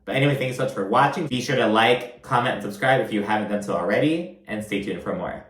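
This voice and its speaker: A man's voice: fairly low pitch, fast, fairly bright tone. A man hosting a casual reality TV recap, chatty and profane, quoting people in exaggerated voices. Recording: roomy echo.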